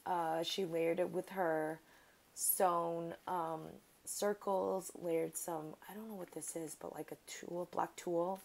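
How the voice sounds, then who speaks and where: Gushing woman with a gravelly voice. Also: fairly low pitch, fairly even intonation, slow pace, a little mellow. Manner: gushing, chatty, talks to the sender as "girl". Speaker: crafting vlogger. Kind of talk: casual unboxing chat.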